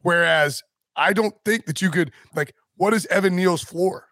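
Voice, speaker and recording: A man's voice: high-pitched, normal speed, fairly bright tone, dry recording, clean studio sound. A man hosting a casual sports podcast, rambling through his points with restarts and fillers. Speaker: podcast host.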